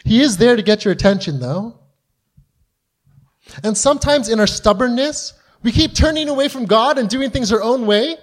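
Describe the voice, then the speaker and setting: A man with a high voice preaching to his congregation. He talks earnestly and acts out the quoted voices in the stories he retells. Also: expressive, moderate pace. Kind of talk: sermon.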